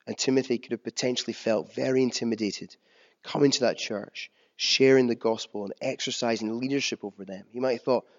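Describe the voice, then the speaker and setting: A man preaching a sermon in a conversational, self-deprecating way, often pausing and restarting. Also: mid-range voice, a little mellow. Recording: dull sound with long reverb in a hall.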